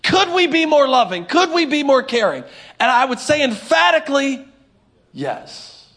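A man preaching a sermon in a church, animated and humorous, acting out little scenes for the congregation. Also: very high voice, normal speed. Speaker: pastor. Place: church sanctuary.

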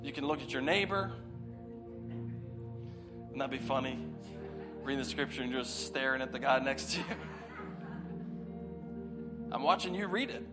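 Pastor preaching over background music. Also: male voice, medium pitch, expressive, slow pace, long pauses. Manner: casual, joking asides between readings. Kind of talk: sermon with scripture reading and prayer. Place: church sanctuary.

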